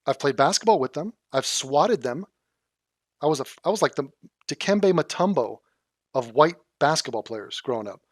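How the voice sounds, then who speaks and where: A man on a live stream tears into the video he is watching. His commentary is sarcastic and full of swearing, pitched a little high, and sits close and dry in the mic. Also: lively intonation, normal speed, dry recording. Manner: mocking, sarcastic and profane.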